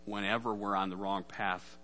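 A man's voice: lowish voice, level tone, moderate pace, sharp tone, slight background noise. A man preaching a sermon as pastor, casual and conversational, acting out the voices in Bible stories.

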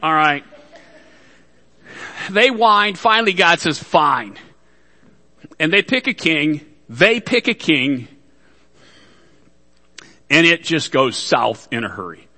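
A man's voice: a little high, very animated, takes it slowly, long pauses, pushed and bright, in a large hall. A man preaching a sermon to his congregation, folksy, with joking asides. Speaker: pastor.

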